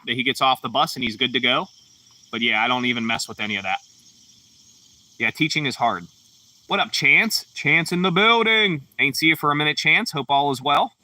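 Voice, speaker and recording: Pittsburgh guy w/ a pa just chillin on stream, reading chat, kinda rambly, real bright voice, sitting back a bit from the mic in a dry room. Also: medium pitch, no room sound, distant mic. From Pittsburgh, Pennsylvania. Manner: laid-back, rambling, frequent fillers. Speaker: livestream host. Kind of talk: casual livestream chat reading comments.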